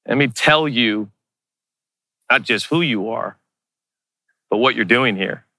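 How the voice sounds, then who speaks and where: Bright, forceful male preacher. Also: mid-range voice, takes it slowly, dry recording, clean studio sound. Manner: emphatic, repeats rhetorical questions. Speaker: pastor. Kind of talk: sermon.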